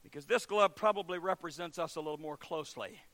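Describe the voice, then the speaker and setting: A man preaching a sermon as pastor, telling stories and acting out the voices of people in them, swinging from quiet to loud. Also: a little high, quick pace.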